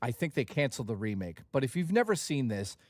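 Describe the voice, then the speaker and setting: A man's voice: mid-range voice, very animated, quick pace, dry recording, clean studio sound. A man hosting a livestream, talking in a casual, jokey and profane way. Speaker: livestream host.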